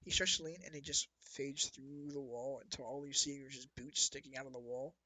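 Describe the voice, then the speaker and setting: A man's voice: mid-range voice, fairly even intonation, fairly quick, crowd noise, poor audio. A man narrating as dungeon master in a loose, rambling way, with restarts and asides. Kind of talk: narrating a tabletop game.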